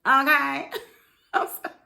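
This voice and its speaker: A woman's voice: sits high, completely flat delivery, slow, gravelly, sharp tone. A woman giving a sassy, chatty review of a TV episode, often laughing and speaking directly to her viewers. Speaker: TV show reviewer. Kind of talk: casual review commentary.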